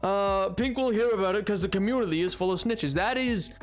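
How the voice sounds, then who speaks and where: A man's voice: high-pitched, brisk, faint music behind. A man streaming a game, chatting casually with a rambling, playful, self-mocking way of talking. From United States. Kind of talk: casual livestream chat while gaming.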